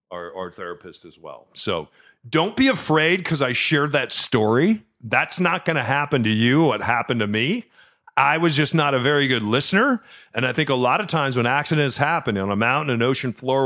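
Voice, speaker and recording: A middle-aged man recounts a personal story on his podcast in an easy, chatty way. His voice sits at an ordinary pitch, and he stumbles over repeated words. He gets quiet and low when he is moved. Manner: chatty, repeats words when emotional, drops soft and low at tender moments. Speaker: podcast host. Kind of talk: casual storytelling.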